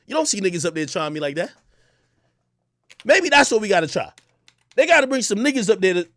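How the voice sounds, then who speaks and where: A young man from Jamaica rants hard on a livestream, brash, profane and full of bravado. His voice sits high for a man, and the sound is close and dry with no room behind it. He swings from near shouting down to low, fast muttering. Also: dry recording. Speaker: livestream host. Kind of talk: heated ranting livestream.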